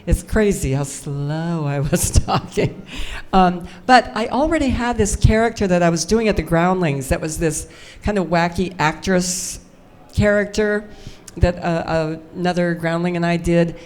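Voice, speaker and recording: A woman's voice: on the low side, measured pace, darkish tone. An older woman telling anecdotes as a guest on a convention panel, chatty and self-mocking. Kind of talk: storytelling on a fan panel. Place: convention stage before a live audience.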